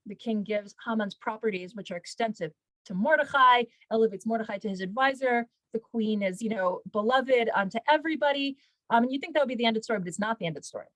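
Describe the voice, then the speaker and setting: A woman's voice: a little high, quick pace, a bit bright, dry recording, poor audio. A woman, a rebbetzin, retelling a story in casual talk, full of fillers and acted-out quotes. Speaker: rebbetzin, Torah teacher.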